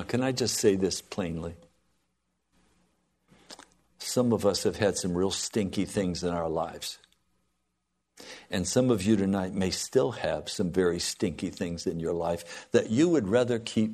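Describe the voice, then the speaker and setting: A man preaching a sermon to a congregation, swinging from loud pleading to soft, hushed lines. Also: deep voice, measured pace, pauses often, slightly rough.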